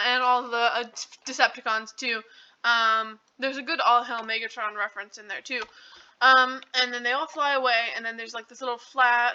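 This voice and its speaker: A woman's voice: a little high, sharp tone, clear, resonant tone. A woman recapping a movie in a casual, rambling way, full of "um" and "like". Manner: rambling, heavy on fillers and "like". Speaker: channel host. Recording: dull lo-fi recording.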